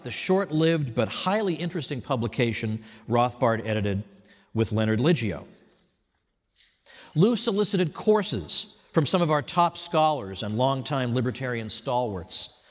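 A man giving a prepared tribute speech at an event, telling stories in a wry, animated way. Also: medium pitch, in a large hall. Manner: wry, animated storytelling with mock voices. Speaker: speaker at an institute event. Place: hotel event hall.

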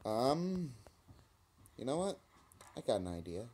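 A young man gives unhurried let's-play commentary over a mobile wrestling game. He taunts and swears at his opponent in a mid-pitched voice. Faint noise and screen taps sit under the voice. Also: very animated, mellow. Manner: trash-talking, taunting, swearing. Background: screen tapping clicks.

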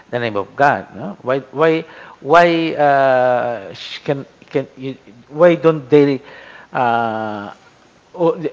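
A middle-aged Filipino man with a Filipino accent, lecturing as a priest and Bible teacher in an unhurried, deliberate way. He keeps checking in with a tag question and raises his voice when he quotes scripture. The recording is dull and lo-fi. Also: medium pitch. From Philippines. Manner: conversational, frequent tag "no?" and fillers, rises sharply when quoting scripture. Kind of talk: lecture mixing Tagalog and English.

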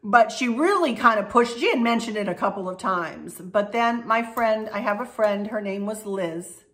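A woman's voice: medium pitch, animated, normal speed, fairly bright tone. A woman in her fifties hosting a craft and decor channel, answering viewer questions in a folksy, rambling way and laughing often. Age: 50s. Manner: chatty and rambling, laughs often, restarts and digresses; folksy and affectionate. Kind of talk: casual Q&A chat to viewers.

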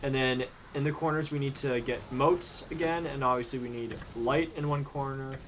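Young male gamer, mid pitch, stubborn joking banter, faint line noise. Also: fairly even intonation, normal speed, a bit bright. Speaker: teammate in voice chat. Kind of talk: casual gaming banter.

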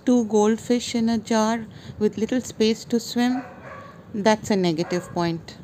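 A woman's voice: on the high side, steady tone, a little slow, heavy background noise. A woman narrating her own travel and food vlog in a chatty, self-mocking way. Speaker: vlogger. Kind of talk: casual voice-over narration.

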